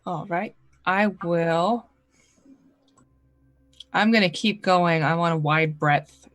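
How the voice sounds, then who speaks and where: A woman's voice: lowish voice, slow, no room sound. A woman playing a tabletop role-playing game, thinking aloud hesitantly about her character's moves. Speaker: player.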